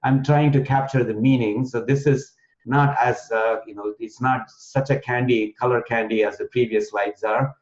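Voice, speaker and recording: A man's voice: medium pitch, steady tone, moderate pace. A man teaching an online class, explaining verses step by step with fillers and restarts, sometimes chanting lines. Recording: dull lo-fi online class audio.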